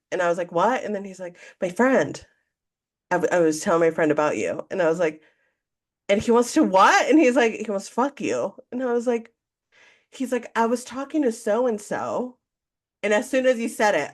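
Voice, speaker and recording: A woman co-hosting a podcast, telling a candid story in casual chat and acting out what people said. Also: medium pitch. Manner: candid, animated storytelling, acts out quotes. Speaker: podcast co-host.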